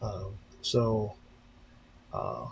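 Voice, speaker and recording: A man's voice: on the low side, extremely slow, gravelly, slight background noise, low-quality recording. Rambling man hosting a live chat. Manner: rambling, with many fillers and restarts; breaks into animated voices when retelling stories. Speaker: channel host on a live stream. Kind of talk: casual live-stream chat.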